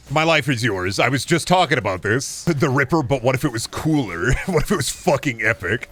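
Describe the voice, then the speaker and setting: A young man from the American Midwest talks over his gameplay stream in a loose, joking way. He swears freely and slips into silly bits. His pitch swings around a lot as he riffs. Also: lively intonation, normal speed, fairly bright tone, no room sound. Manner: goofy, profane, jokey riffing with mock voices. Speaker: streamer playing a game. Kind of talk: casual gameplay commentary.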